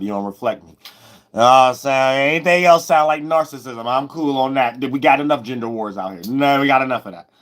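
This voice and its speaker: A man giving a loose, rambling spiritual astrology monologue, repeating himself and breaking into sudden loud, high shouts. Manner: loose, preachy, repeats "you know what I'm saying", bursts into loud high shouts.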